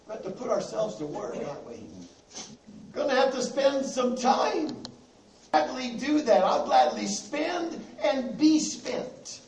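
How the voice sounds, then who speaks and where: A man preaching a sermon to his congregation in a church, repeating key phrases and slowing down to stress them. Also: very high voice, creaky, a little mellow. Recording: echoey, distant room mic.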